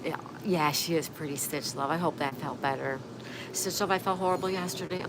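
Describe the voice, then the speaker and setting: A woman with a lowish voice speaks at a moderate pace while hosting a casual livestream, reading viewer comments aloud and chatting back. Steady background noise and passing traffic can be heard in the recording.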